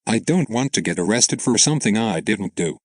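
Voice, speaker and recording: A man's voice: fairly low pitch, lively intonation, fairly quick, dry recording. A man narrating an online story aloud in a plain, matter-of-fact way.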